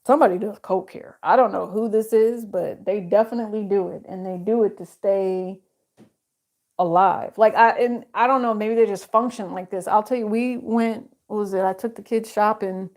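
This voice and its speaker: A woman's voice: medium pitch, steady tone, normal speed, a little mellow. A middle-aged woman giving a casual, rambling psychic tarot reading, full of fillers and self-interruptions.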